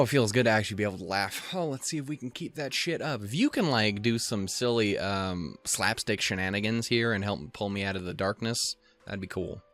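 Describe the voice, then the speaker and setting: Young male let's play host: low voice, swings a lot in pitch, profane and self-mocking, faint music underneath. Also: a bit bright. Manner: rambling, profane and self-mocking, with goofy put-on quotes; reads game text aloud with stumbles. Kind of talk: casual let's play commentary.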